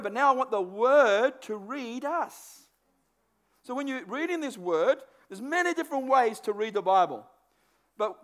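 Male preacher, very high voice, lively delivery, repeats himself, sermon setting. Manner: animated, acts out inner thoughts, repeats words.

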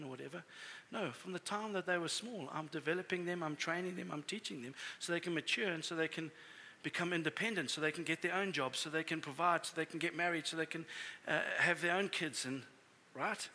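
A middle-aged man preaching a sermon as a pastor, telling family stories in a conversational, animated way. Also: a little high, a little fast, a little hiss or hum.

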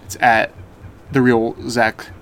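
A man's voice: mid-range voice, completely flat delivery, takes it slowly, a little hiss or hum. A man co-hosting a podcast, chatting casually and making fun of himself. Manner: easygoing, self-mocking. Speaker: podcast co-host.

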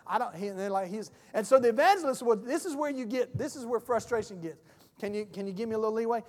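A folksy man pastor preaching a sermon, dropping into little acted voices as he tells his stories. His voice sits high, and a long reverb trails after it in the church. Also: expressive, fast.

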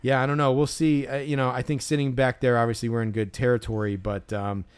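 Fast, clear, and resonant, this medium-pitched man speaks with a flat delivery. He co-hosts a podcast, telling a story casually with lots of fillers and restarts.

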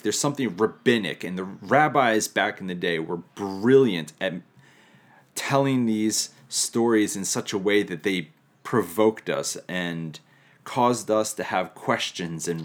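Deep-voiced male preacher. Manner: reflective, lightly humorous teaching. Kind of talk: sermon on scripture.

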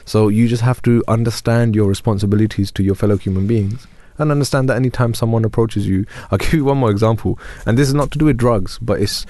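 A man's voice: on the low side, fast talker, few pauses, dark tone, no room sound. A young man, an imam on a discussion panel, speaking earnestly and retelling scenes in quoted dialogue. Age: young adult. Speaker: imam and youth worker.

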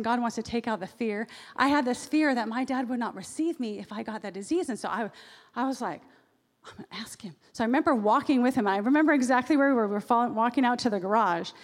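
A woman preacher giving a sermon in a conversational way, with personal asides. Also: fairly high pitch. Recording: long reverb of a large hall.

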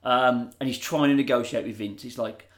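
A man's voice: medium pitch, fairly even intonation, normal speed. A man co-hosting a podcast, rambling and swearing as he retells a story in casual chat. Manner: rambling, swears, laughs while telling. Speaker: podcast co-host.

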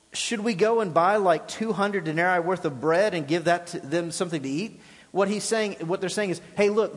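A man with a high, bright-pitched voice delivers an animated sermon, acting out scripture passages with shifts in voice. His words ring out with a long reverb from a church sanctuary. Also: slightly rough. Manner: animated preaching, paraphrasing scripture in lively voices. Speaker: pastor.

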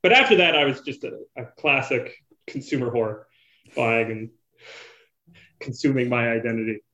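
A man's voice: medium pitch, moderate pace, pushed and bright, echoey room, lo-fi sound. A man from rural Canada, a comic book writer, rambling casually as a podcast guest. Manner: rambling, lots of likes and ums.

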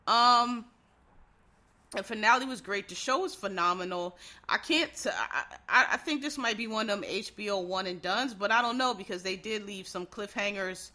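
A casual vlogger reviews a show in a loose, unscripted monologue. The voice sounds crisp and bright. The talk is blunt and opinionated, full of fillers, restarts and swearing. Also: medium pitch, normal speed. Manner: frank, opinionated asides to viewers.

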